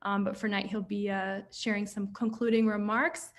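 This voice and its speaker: A woman hosting an online event over a video call, speaking softly and evenly with a few fillers. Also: mid-range voice, level tone, normal speed. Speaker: event host.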